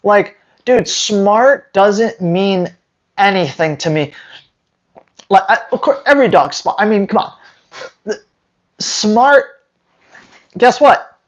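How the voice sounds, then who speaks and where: A man's voice: high-pitched, lively intonation, slow pace, long pauses, rough recording. A dog trainer talking to his viewers in a casual, sarcastic rant, with emphatic, rambling delivery. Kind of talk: casual opinion rant to camera.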